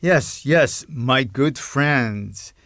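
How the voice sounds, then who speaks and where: Man doing a cool, excessively polite pop star, slow and measured. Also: mid-range voice, expressive, a bit bright, dry recording, clean studio sound, voice pushed up, heavily acted. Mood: coolly polite. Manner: cool, overly courteous.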